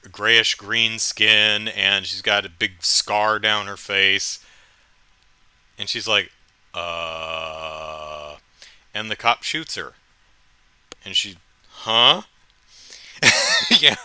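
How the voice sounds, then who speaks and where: A man's voice: medium pitch, sharp tone, clean tone, dry recording. A man hosting a casual solo podcast, recapping with wry, amused storytelling into a close mic. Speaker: podcast host.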